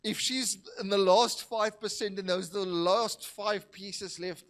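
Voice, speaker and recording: A man with a slightly higher-than-usual voice preaches a Sunday sermon in church. He talks in a relaxed, conversational way and drops in light jokes for the congregation. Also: measured pace. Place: church hall.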